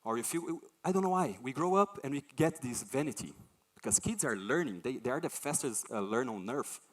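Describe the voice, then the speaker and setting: Conference speaker: a man, animated, acts out voices in his anecdotes. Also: mid-range voice, fairly quick. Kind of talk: conference talk.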